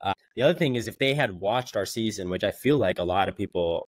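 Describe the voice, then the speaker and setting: Young male co-host, lower voice, loose rambling chat, dry mic. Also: animated, fast talker, no room sound. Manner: loose, filler-heavy recap talk. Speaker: co-host, former contestant. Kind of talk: casual chat.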